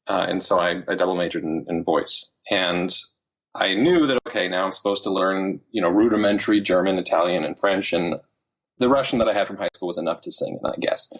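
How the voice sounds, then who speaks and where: A man in his thirties, a podcast guest, telling stories in casual chat with lots of fillers and restarts. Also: on the low side. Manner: animated storytelling with many fillers and restarts.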